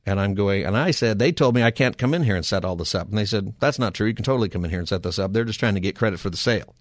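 A middle-aged man hosting a call-in radio show, telling a long exasperated story in a casual, animated way. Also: lowish voice, rapid-fire, no room sound, studio quality. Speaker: radio talk show host.

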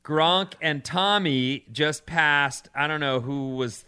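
A man's voice: a little high, slow, sharp tone, smooth. A man co-hosting a radio show, chatting casually and reading out offbeat news stories. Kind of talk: casual chat.

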